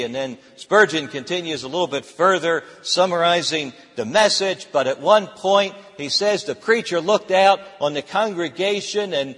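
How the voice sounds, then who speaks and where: A male pastor tells a story during his sermon, stopping and restarting often with fillers. His voice is husky and a touch high for a man. It carries a long reverb from a church hall. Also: normal speed, hardly any pauses, a bit bright. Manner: hesitant, many filler restarts.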